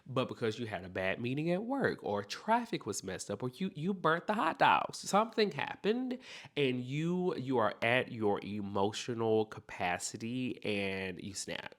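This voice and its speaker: A man hosting a self-help podcast, talking straight to the listener in an animated, encouraging way. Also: medium pitch, a little slow. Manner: animated, speaks straight to the listener with repeated okays. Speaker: podcast host.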